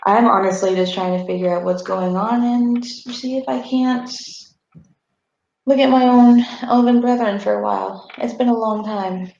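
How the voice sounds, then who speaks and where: A woman voicing a calm, wry female elf traveler at a tabletop game, speaking in a measured, polite way. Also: on the high side, vocal fry, a little hiss or hum. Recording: echoey room, muffled mic.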